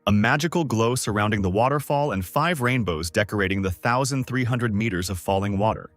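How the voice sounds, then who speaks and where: A man's voice: fairly low pitch, brisk, no room sound, soft background music. A man narrating a comic story recap in a scripted storytelling voice. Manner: steady storytelling voice that swings into character voices.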